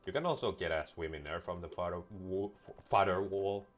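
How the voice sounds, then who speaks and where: A man's voice: low voice, fairly quick, soft background music. A man giving casual let's-play commentary, joking sarcastically and swearing freely. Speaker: gameplay commentator.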